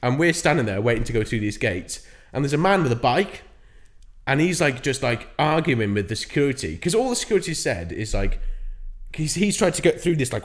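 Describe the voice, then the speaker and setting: A young man, co-hosting a podcast and telling a long story in a casual, rambling way with plenty of swearing. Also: mid-range voice. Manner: rambling, swears freely, acts out voices in his stories. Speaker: podcast co-host.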